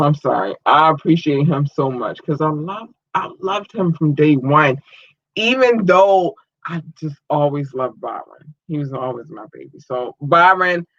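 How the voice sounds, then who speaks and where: A woman's voice: deep voice, a bit bright, dry recording. Blunt, profane woman podcast host ranting. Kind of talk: live podcast rant. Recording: dull lo-fi audio.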